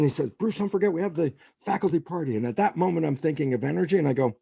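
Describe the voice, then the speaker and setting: Gravelly older man telling animated stories. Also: a little high, quick pace, hardly any pauses, no room sound. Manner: animated storyteller, acts out quotes. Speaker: guest scientist. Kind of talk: storytelling in a podcast interview.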